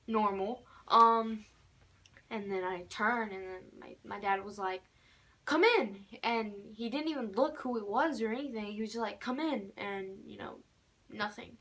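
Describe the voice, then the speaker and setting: A woman's voice: mid-range voice, normal speed, sharp tone. Rambling teenage girl telling a story. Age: teens. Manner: rambling, many fillers, keeps repeating "normal". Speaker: vlogger. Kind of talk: casual storytime.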